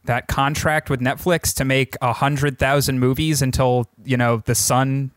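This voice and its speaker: A young man co-hosting a podcast in a casual chat. He jokes around and tells stories in an even, mid-range voice. The sound is dry and close to the mic. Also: medium pitch, unhurried, dry recording. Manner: joking storyteller, acts out quotes. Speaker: podcast co-host.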